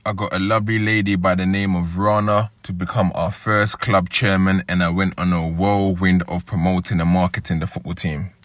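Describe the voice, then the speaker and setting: A man's voice: low-pitched, little pitch movement, normal speed, few pauses, no room sound. A London man in his thirties telling his own story in a conversational way, often checking in with "yeah?". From East London. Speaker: storyteller and football club founder. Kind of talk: first-person storytelling.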